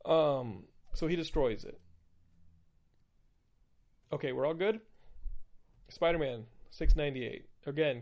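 A man's voice: fairly high pitch, a little mellow. A man hosting a podcast, recapping comic books in a loose, rambling, profane way full of fillers. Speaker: podcast host. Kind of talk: casual comic book recap.

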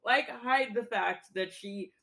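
A woman's voice: fairly high pitch, slow pace, gravelly, sharp tone. A woman chatting casually about a film, laughing often and filling her talk with filler words.

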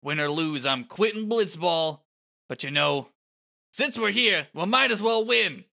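A man's voice: a little high, lively intonation, a little slow, sharp tone, heavily acted. A man reading as a weary veteran team captain. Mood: earnest. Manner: earnest pep-talk delivery. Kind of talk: playful reading of game dialogue.

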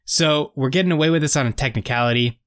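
A man co-hosting a casual podcast, recapping a TV episode in an animated, joking way. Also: fairly high pitch, fast talker, no room sound, clean studio sound. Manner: animated, joking, retells scenes with quoted voices. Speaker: podcast co-host.

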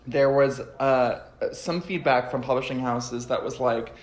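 A man in casual podcast chat as a guest, animated and swearing freely, slipping into exaggerated voices when quoting people. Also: medium pitch, unhurried. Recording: roomy echo.

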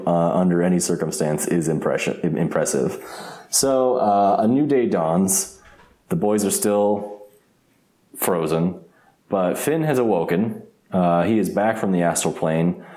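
A podcast co-host with a very deep, low, dark-toned voice rambles through a casual episode recap. He laughs often and keeps restarting his sentences, and the recording sounds roomy and echoey.

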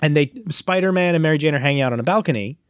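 Animated male podcast co-host, dry sound. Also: on the high side, rapid-fire, no echo. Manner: animated storyteller who acts out quoted lines. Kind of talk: casual chat.

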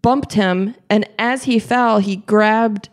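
A woman's voice: mid-range voice, fairly even intonation, slow pace. A young woman co-hosting a podcast, chatting casually about a basketball game, with lots of fillers, restarts and giggles. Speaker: podcast co-host.

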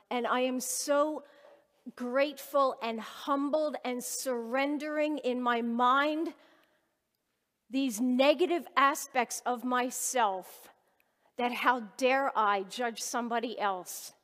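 A woman with a high voice preaches from a personal story, earnest and conversational. Her words ring out with a long reverb, like a church hall. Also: a bit bright. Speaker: lay preacher.

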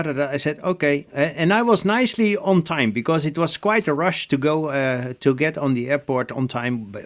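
A man co-hosting a podcast who tells a travel story haltingly, with many fillers and restarts. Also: on the high side. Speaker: podcast co-host. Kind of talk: casual chat.

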